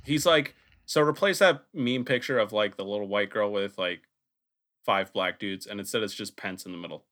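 A man's voice: on the low side, normal speed, fairly bright tone. A man hosting a casual podcast chat, joking and swearing, often laughing. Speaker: podcast host.

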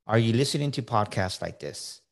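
On a podcast, a middle-aged coach appearing as a guest offers casual motivational advice with emphasis, repeating words and checking in with "right?" His voice is on the low side and creaky, with lively intonation and a slightly fast pace.

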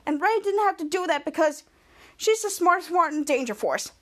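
A woman hosting a podcast, recapping a TV episode in a casual, excited way and acting out the characters' lines. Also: very high voice, moderate pace. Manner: excited, acts out characters' lines while retelling. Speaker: podcast host.

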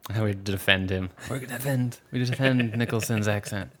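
Co-hosting a podcast, a Philadelphia-area man rambles casually about a movie, often restarting his sentences. He has a lowish, slightly bright voice and a fairly quick pace.

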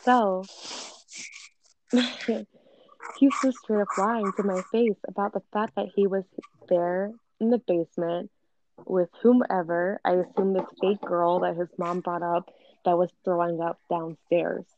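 A young woman casually telling a personal story, animated and full of filler words. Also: fairly low pitch, unhurried, a little hiss or hum. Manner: animated, frequent "like" fillers, acts out quoted dialogue. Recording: dull lo-fi recording.

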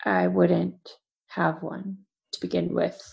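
Gravelly-voiced woman telling lively stories. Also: on the low side, slow, lo-fi sound. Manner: animated storyteller, acts out quotes. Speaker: veterinarian. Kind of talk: casual podcast chat.

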